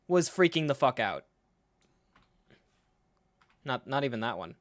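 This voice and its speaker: A man hosting a live reaction stream, talking in an animated, sarcastic way, swearing freely and acting out scenes. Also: mid-range voice, moderate pace, long pauses, no room sound, clean studio sound. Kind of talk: casual live reaction commentary.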